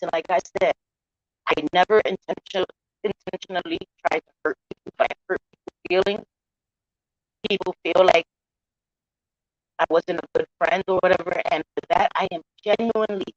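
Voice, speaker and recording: An emotional woman vlogger speaks straight to her viewers, close to tears, pleading softly and then turning blunt and defiant. Her voice comes through a dull, lo-fi mic with a dry, close sound and no room echo. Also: medium pitch. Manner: earnest, defensive, swings from soft pleading to blunt defiance. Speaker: vlogger addressing her channel. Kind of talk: emotional livestream apology.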